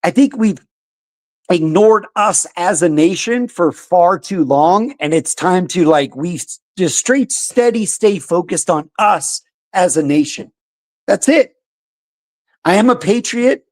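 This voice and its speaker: A young American man hosting a podcast, ranting loudly about politics with a combative, profane manner. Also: high-pitched, expressive, takes it slowly. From United States. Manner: loud, combative, swearing. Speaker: podcast host.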